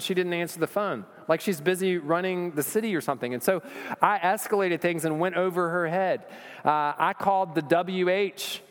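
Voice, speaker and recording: A man preaching a sermon, joking and conversational at first, then building to earnest emphasis. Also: high voice. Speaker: pastor. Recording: long hall reverb.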